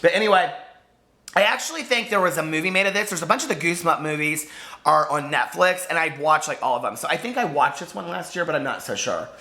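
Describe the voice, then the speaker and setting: A man chatting to camera as a book vlogger, gushing and full of fillers, hoarse from losing his voice. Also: a little high, animated, quick pace, pushed and bright. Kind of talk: casual chat to camera.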